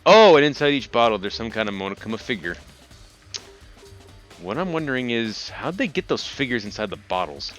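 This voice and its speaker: Bright-voiced man reading game lines. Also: medium pitch, very animated, brisk, faint music behind. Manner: joking, cursing asides. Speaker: let's play host. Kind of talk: reading game dialogue aloud in a co-op playthrough.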